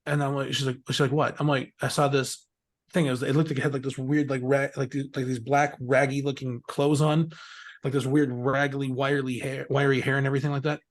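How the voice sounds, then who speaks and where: A brisk, flat-sounding mid-range voice belongs to a middle-aged man telling meandering stories as a guest in an interview. He curses freely and breaks into laughter often.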